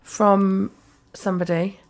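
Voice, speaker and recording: A woman's voice: mid-range voice, little pitch movement, slow. A woman co-hosting a podcast, ranting in a casual, sweary way and slipping into mock quotes of other people. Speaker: podcast co-host. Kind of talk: casual chat.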